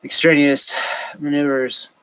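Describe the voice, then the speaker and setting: A man talking alone on a livestream, thinking aloud in a halting way with frequent restarts and fillers. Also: a little high, little pitch movement, fairly bright tone, clear, resonant tone, no echo, low-quality recording. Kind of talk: rambling solo livestream talk.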